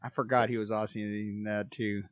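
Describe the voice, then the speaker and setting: A man's voice: lowish voice, little pitch movement, fairly quick, no echo, studio quality. A man co-hosting a podcast who joins in with teasing jokes during casual banter. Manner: joking, teasing.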